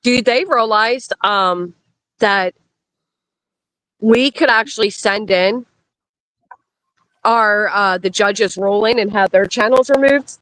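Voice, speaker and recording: A woman's voice: medium pitch, takes it slowly, long pauses, fairly bright tone, no echo, rough recording. A woman from Pennsylvania giving blunt, emphatic commentary on a casual live stream. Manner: blunt, emphatic, repeats warnings.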